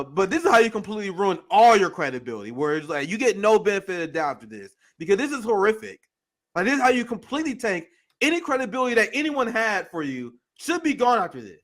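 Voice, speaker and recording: A man hosting a livestream, reacting to a video clip with heated, profane, animated ranting. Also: high-pitched. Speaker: political commentary host.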